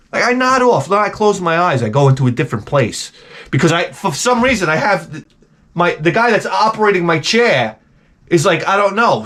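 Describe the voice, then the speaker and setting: Animated, profane middle-aged male storyteller. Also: high voice. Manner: animated, profane, exaggerated complaining. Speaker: comedic host. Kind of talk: comedic storytelling rant.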